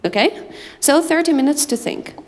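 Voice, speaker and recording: A woman's voice: high-pitched, normal speed. Uzbek-born woman teaching in a reverberant room. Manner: lively, animated, addresses class directly. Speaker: English teacher. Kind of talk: classroom instruction and anecdote. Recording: reverberant room, faint background noise.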